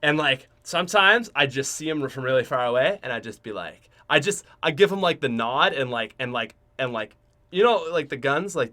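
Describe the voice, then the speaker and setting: In a casual storytelling podcast, the young Canadian host rambles, restarts and leans on fillers, all in a Canadian accent. His mid-range voice moves at normal speed with lively intonation and a bright, forceful tone.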